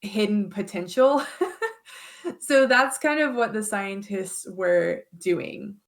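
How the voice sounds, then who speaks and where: Slow-talking gravelly woman. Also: mid-range voice. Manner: hesitant, laughs often, many fillers. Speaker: podcast co-host. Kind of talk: casual chat.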